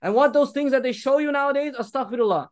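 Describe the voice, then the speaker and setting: A man's voice: very high-pitched, fast talker, dry recording. A man in his thirties preaching a sermon, impassioned and urgent, mixing Arabic phrases into his talk. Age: 30s.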